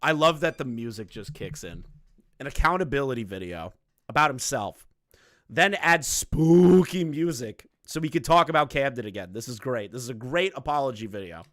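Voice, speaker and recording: A man's voice: medium pitch, expressive, normal speed, a bit bright, dry recording, clean studio sound. A man giving sarcastic, mocking reaction commentary, swearing freely as he reacts to a video. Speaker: reaction streamer.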